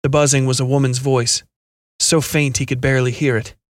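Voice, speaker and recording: A man narrating a scripted science fiction horror story in a steady, measured reading. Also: mid-range voice, dry recording.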